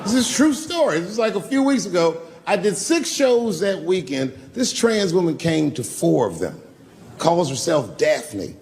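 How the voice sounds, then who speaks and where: A man with a high-pitched, very animated and slightly mellow voice tells a profane story on a comedy club stage at a moderate pace. He imitates the voices of other people as the crowd laughs. The live recording carries long reverb.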